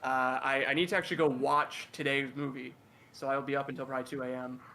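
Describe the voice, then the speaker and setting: A man's voice: medium pitch, level tone, fast, gravelly, sharp tone. Young male student co-host, upbeat, playfully boastful, casual. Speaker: podcast co-host. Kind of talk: casual chat.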